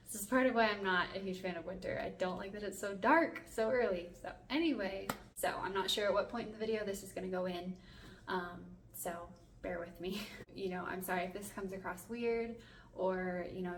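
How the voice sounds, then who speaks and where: A woman's voice: mid-range voice, a little hiss or hum. A young woman talking casually to camera for her family vlog, hesitant with many fillers, holding back tears. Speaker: family vlogger. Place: home bathroom. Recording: echoey bathroom, mic at a distance.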